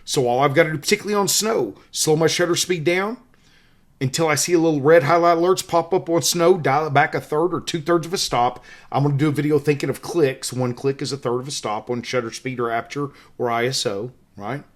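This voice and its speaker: A man's voice: on the high side, a little fast. Emphatic Southern man in his fifties. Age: 50s. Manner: emphatic, repeats key points. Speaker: photography instructor. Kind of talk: casual teaching monologue.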